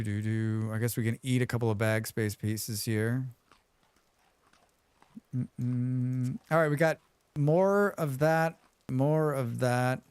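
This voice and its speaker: Chatty male streamer, smooth dry voice. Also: medium pitch, darkish tone, no echo. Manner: chatty, hums and thanks viewers. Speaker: livestreamer. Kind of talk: casual livestream chat while gaming.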